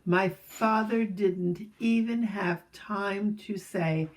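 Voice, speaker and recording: A woman reading a children's chapter book aloud, gentle and storytelling, with asides to young listeners. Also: mid-range voice, steady tone, takes it slowly, rough recording.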